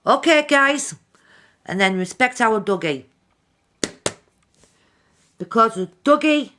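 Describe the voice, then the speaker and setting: Slow-talking woman vlogger. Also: on the high side, expressive, fairly bright tone. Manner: heartfelt, talks straight to her viewers. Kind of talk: emotional video diary.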